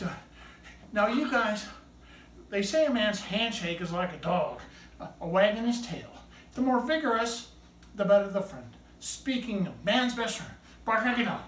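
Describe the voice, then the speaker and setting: A woman presenting her pet bird's tricks in showman patter, animated and coaxing as she praises the bird. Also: mid-range voice. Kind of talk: showman patter to a live audience. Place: indoor room with a pet bird. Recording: echoey room, mic at a distance, faint noise.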